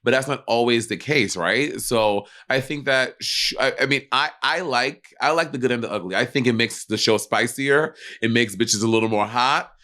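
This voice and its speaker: A man's voice: medium pitch, normal speed, hardly any pauses, pushed and bright. A man co-hosting a casual chat show. He is blunt and sassy, with lots of fillers and restarts. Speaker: podcast co-host.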